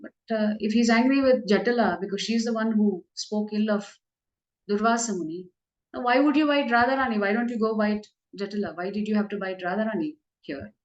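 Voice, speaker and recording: A woman's voice: medium pitch, brisk, muffled recording, natural voice. A woman doing a prim disguised maiden. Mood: prim, questioning. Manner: prim, protesting, coaxing. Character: young man disguised as a prim chaste woman. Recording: echoey room.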